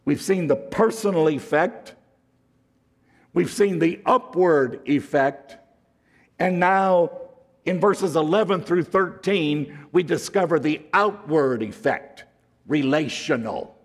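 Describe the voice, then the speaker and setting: A man preaching a sermon, slow and deliberate, swinging from emphatic highs to hushed lows. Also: big-room sound. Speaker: pastor.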